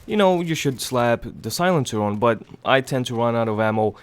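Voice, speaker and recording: A young man with a stuffy nose from a cold, giving rambling, casual gameplay commentary in a hushed low voice so he won't wake anyone at home. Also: animated, fairly quick, clear, resonant tone. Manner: hushed low voice to avoid waking others; rambling, many fillers, swears casually. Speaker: gaming channel host. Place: home, early morning.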